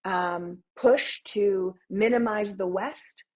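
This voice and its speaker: A woman's voice: mid-range voice, slow pace, a little mellow, highs cut off. A woman, a podcast guest making emphatic, opinionated points in casual interview talk. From Canada. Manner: emphatic, opinionated, builds points in long runs.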